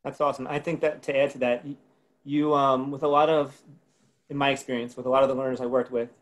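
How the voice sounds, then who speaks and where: A man's voice: medium pitch, flat delivery, fast. Man from New Jersey, laid-back webinar co-host, lots of "like". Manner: casual, full of filler words like "like". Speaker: co-host presenter. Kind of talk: casual webinar discussion.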